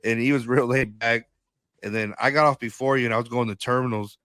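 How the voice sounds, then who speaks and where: A man co-hosting a casual podcast, telling animated stories, acting out quotes, swearing and laughing often. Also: medium pitch, fairly quick, no echo. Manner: slangy, swears. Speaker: podcast co-host. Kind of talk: casual chat.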